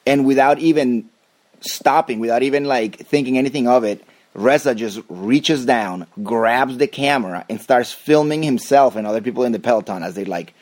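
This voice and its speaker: A man's voice: medium pitch, moderate pace, darkish tone. A man hosting a casual podcast chat, telling stories with many fillers. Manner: rambling, with fillers. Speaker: podcast host.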